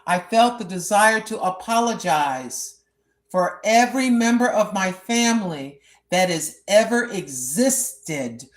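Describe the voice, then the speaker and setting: A woman's voice: medium pitch, expressive, a little slow. A woman in her sixties vlogging on a walk, speaking earnestly about prayer in a repetitive, preacherly way. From United States. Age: 60s. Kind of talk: spoken prayer and testimony while walking. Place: outdoors on a walk.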